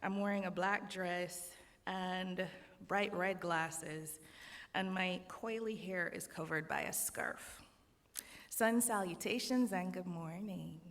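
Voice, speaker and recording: A Jamaican woman leads the opening of a service at an unhurried pace in a somewhat low voice. She speaks in a measured, reflective way with light asides. Her words carry the long reverb of a church sanctuary. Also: steady tone, a bit bright. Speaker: worship leader. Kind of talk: sermon opening. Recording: long reverb of a large hall.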